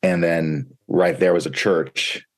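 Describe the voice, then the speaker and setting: A man's voice: low-pitched, slow pace, gravelly, breathy edge. A man co-hosting a book podcast, reflectively telling a personal story. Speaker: podcast co-host. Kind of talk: casual book discussion.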